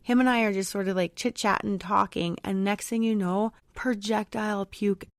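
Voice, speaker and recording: Mom podcaster rambling through a story, lots of "like", kinda gravelly, mid pitch. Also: female voice, fairly even intonation, normal speed, no room sound, studio quality. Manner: chatty, rambling, lots of "like" fillers. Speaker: podcast host; mother of a young child. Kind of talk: casual personal storytelling.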